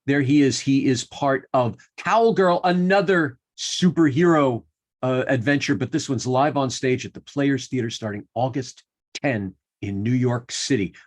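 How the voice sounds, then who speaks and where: A male interview host who asks his questions with eager energy and keeps restarting his words. His voice is a touch husky and sits mid-range. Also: mid-range voice, measured pace. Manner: enthusiastic, stammering repeats. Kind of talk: casual interview.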